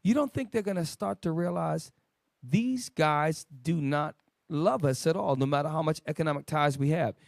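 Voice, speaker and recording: A man's voice: on the high side, moderate pace, gravelly, no echo, clean studio sound. Emphatic preaching man. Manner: emphatic, swinging loud and quiet, restarts. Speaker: lead teacher of a Bible study show. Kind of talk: preaching Bible lesson.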